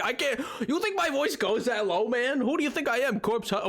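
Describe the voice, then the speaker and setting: A man streaming a game live, chatting with his viewers in an excitable, playful, self-mocking way. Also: very high voice, moderate pace, soft background music.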